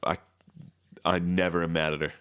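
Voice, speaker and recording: A young man with a notably deep, low-pitched voice, chatting on a podcast. He is relaxed and jokey and swears freely. His talk is loose and unscripted. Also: moderate pace, clean tone. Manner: laid-back, profane, joking. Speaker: podcast co-host. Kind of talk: casual chat.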